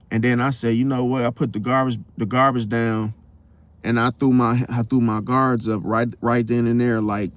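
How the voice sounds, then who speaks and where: A man's voice: medium pitch, dry recording. Slangy young man telling a story. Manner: slangy, animated retelling, acts out quotes. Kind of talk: casual storytelling.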